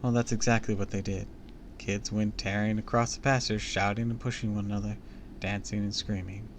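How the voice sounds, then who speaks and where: A man's voice: fairly low pitch, level tone, a little fast, slight background noise. A man streaming a live read-aloud of a book, breaking off into casual comments and jokes. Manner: chatty, comments and jokes between passages.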